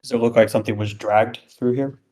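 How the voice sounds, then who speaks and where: A man's voice: medium pitch, steady tone, brisk, a little mellow. A man asking questions as a player in a tabletop game, in a casual way.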